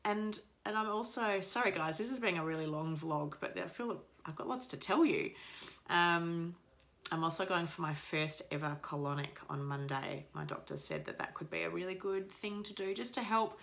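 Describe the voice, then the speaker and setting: Chatty low-voiced woman vlogger. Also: expressive, moderate pace, gravelly, a bit bright. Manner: chatty and upbeat, addresses viewers directly. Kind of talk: casual video diary.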